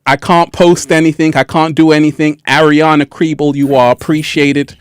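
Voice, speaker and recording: A man's voice: on the high side, little pitch movement, moderate pace, smooth, no echo, studio quality. A man hosting a casual livestream who laughs often and repeats his phrases. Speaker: livestream host.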